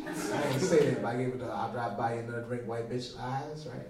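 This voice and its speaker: A man doing a stand-up routine, telling a loud, animated story and mocking other people in put-on voices. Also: medium pitch, fairly quick. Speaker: stand-up comedian. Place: comedy club stage. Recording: echoey room, far mic, crowd. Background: audience laughter.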